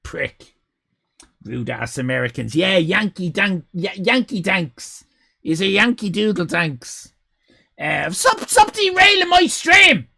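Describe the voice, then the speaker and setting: An Irish man in his fifties, a live streamer shouting mock-outraged, swear-filled banter at his chat, his voice going hoarse. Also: high voice, expressive, takes it slowly. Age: 50s.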